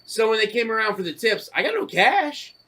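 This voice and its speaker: A man's voice: sits high, sing-song, a little fast, pushed and bright. A man co-hosting a casual podcast, telling stories in a profane, ranting way. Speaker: podcast co-host. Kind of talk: casual chat.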